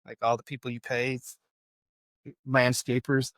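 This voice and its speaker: In a dry recording, a podcast co-host speaks unhurriedly in a medium-pitched, level, somewhat bright voice. He's a man in casual conversation, rambling and putting himself down, with lots of fillers and restarts.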